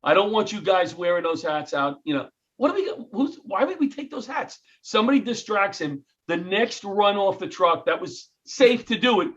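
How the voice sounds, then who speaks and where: A middle-aged man with a New York accent, a comedian and retired firefighter, telling stories in an interview with lively acted-out quotes. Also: sits high, moderate pace, hardly any pauses, dull audio. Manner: animated storyteller, acts out quotes, self-interrupting. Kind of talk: interview storytelling.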